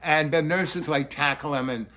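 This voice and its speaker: An older man rambling through a long story in a blunt, crude, animated way. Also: on the high side, moderate pace.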